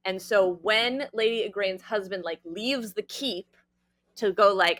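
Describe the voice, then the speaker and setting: A woman co-host chats through a film recap in a loose, profane way. Her voice is bright and forceful, and her delivery stays relaxed and loud. She laughs often and jumps into the characters' lines. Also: mid-range voice, unhurried. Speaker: podcast co-host. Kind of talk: casual film recap chat.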